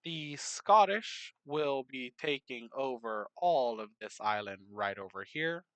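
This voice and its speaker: A man narrating a map game in casual commentary, unhurried, muttering asides to himself. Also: medium pitch, expressive, fairly bright tone, dry recording.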